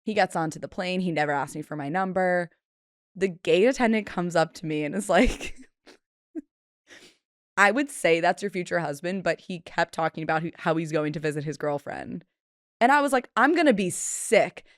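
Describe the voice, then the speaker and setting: A young woman in her twenties talks through a solo podcast episode in a loose, chatty, self-deprecating way, playing out the people she quotes. Her voice sits low for a woman. The sound is dry and close, with no room around it. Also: animated, moderate pace, no echo. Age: 20s. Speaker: podcast host. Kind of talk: casual solo podcast storytelling.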